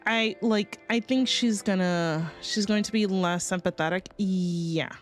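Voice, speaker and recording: With soft music underneath, a woman streams herself reading a game story, talking casually in a medium-pitched voice at a measured pace. Her commentary rambles, full of fillers, cursing, and excited outbursts.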